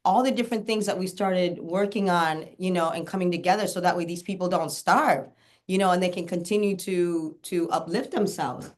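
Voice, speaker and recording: A woman's voice: on the low side, moderate pace. A woman guest, a documentary filmmaker, chatting casually and enthusiastically in an interview, with many fillers and run-on thoughts.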